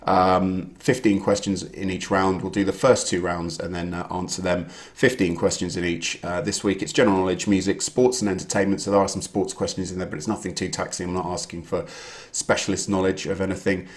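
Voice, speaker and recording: A man's voice: sits low, level tone, brisk. A man hosting an online quiz, chatting casually and greeting viewers by name. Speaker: quiz host. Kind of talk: casual live-stream chat.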